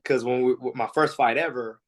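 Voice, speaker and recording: A man's voice: mid-range voice, brisk. Man telling fight stories in an interview. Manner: animated storytelling, acts out quotes; frequent fillers and restarts. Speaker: MMA fighter, interview guest. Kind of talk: casual interview answers.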